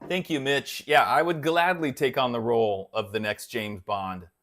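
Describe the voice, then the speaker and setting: A man's voice: medium pitch, fairly even intonation, normal speed, fairly bright tone. A man hosting a guitar channel, chatting casually on a live stream and rambling until he loses his thread.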